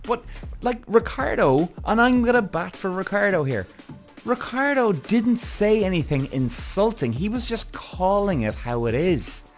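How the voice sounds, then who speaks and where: Excitable, swearing male podcast host. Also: measured pace, faint music behind. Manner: excitable, profane, big pitch swings. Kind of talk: TV reaction commentary.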